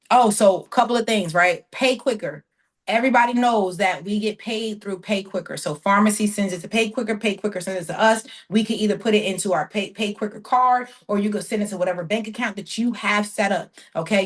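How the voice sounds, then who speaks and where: On a casual call, a woman with a medium-pitched voice coaches her team in a chatty, folksy way, often shouting with excitement.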